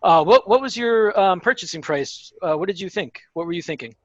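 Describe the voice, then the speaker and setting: A man's voice: sits high, animated, a little fast, no echo, pitched above the performer's own voice. A man voicing a flamboyant male arena magistrate who makes grand, theatrical proclamations. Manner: showy, dramatic proclamations. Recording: dull lo-fi sound.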